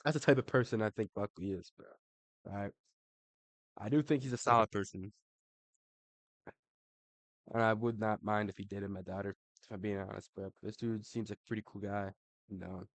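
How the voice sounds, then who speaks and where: A man's voice: lowish voice, fairly even intonation, moderate pace, long pauses, dry recording. A young adult man giving casual ranking commentary, slangy and profane, saying "bro" after nearly every line. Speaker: MMA commentator.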